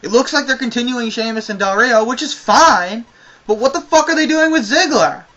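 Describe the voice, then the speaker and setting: A man's voice: extremely high pitch, moderate pace, bright, forceful tone, lo-fi sound. A man giving a casual spoken review of a wrestling show, ranting with exasperation and a lot of swearing.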